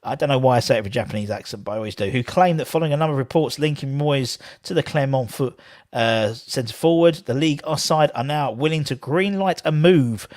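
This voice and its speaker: A man's voice: medium pitch, brisk, darkish tone, no echo, studio quality. A man hosting a fan live stream, rambling casually and reading viewer comments aloud. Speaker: fan channel host.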